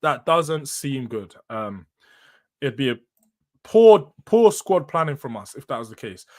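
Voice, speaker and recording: A young man with a London accent hosting a casual football live stream, bantering with the chat in slang. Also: medium pitch. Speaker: host.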